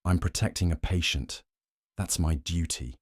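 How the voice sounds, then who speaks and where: Casual: man playing a guarded clipped doctor, defensive, deep dry voice. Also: normal speed, breathy edge, no echo.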